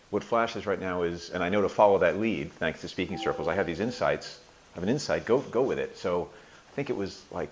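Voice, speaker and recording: A man in his sixties answering interview questions thoughtfully, pausing and restarting, now and then acting out his own inner voices with playful emphasis. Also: low-pitched, poor audio. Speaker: interview guest, workshop alumnus.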